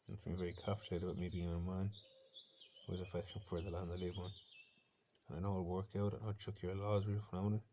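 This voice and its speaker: Irish man, low flat voice, fast and rambling, defiant monologue. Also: slight background noise. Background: faint bird sounds from a laptop.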